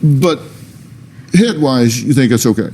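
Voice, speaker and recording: A man's voice: medium pitch, lively intonation, measured pace, a little mellow, a little hiss or hum. A man hosting a talk show on a studio stage, questioning a guest in a blunt, probing, sarcastic way.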